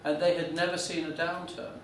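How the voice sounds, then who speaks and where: Halting male lecturer in an echoey room. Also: fairly high pitch, little pitch movement, slight background noise. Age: 40s. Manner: halting, many restarts and fillers. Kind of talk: classroom lecture with anecdotes. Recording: echoey room, mic from a distance.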